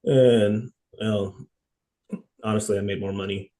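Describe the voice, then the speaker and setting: A male podcast host talks in casual chat with a fairly low voice. He tells stories at an easy, laid-back pace. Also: steady tone, a little slow, mellow, low-quality recording.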